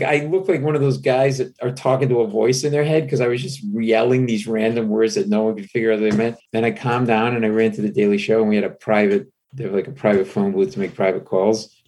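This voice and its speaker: Comedian guy on a podcast, husky voice, animated and self-mocking. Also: medium pitch. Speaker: comedian guest. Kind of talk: casual storytelling interview.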